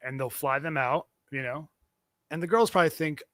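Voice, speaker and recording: A man's voice: on the high side, normal speed, a bit bright, no echo, clean studio sound. A man hosting a comedy podcast, rambling through casual banter with plenty of fillers and restarts. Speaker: podcast host.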